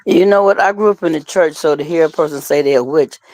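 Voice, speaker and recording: A woman co-hosting an interview, chatting casually in a relaxed, colloquial way and telling stories. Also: low-pitched, fast talker, slight background noise. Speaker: co-host.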